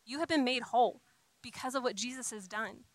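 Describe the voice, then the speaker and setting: A woman's voice: on the high side, fairly quick, dry recording, low-quality recording. A young adult woman giving an earnest, conversational sermon, with frequent restarts and casual fillers. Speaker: speaker giving a talk on faith and singleness.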